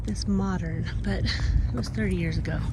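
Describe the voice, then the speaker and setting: A woman's voice: lowish voice, steady tone, normal speed. A middle-aged woman vlogger walking outdoors and telling a personal story, vivid and breathless. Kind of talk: storytime narration. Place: outdoors on a city street near a cemetery. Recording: street noise with passing traffic.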